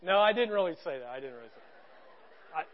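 High-voiced man preaching in a dull recording. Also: expressive, fast talker, a faint crowd. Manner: conversational and joking, with swings from quiet to loud. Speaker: pastor. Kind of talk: sermon. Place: church stage.

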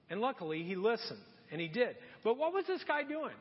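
A man preaching a sermon in a church, telling stories in a lively way and addressing the congregation directly, heard in a dull, echoey recording. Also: high-pitched, brisk, hardly any pauses, breathy edge. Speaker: pastor.

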